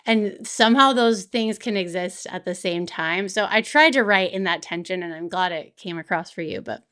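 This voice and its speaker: A woman guest speaking in an interview, open and reflective, often laughing softly as she talks. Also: lowish voice, moderate pace, clean tone. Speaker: author and guest. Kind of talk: candid interview conversation.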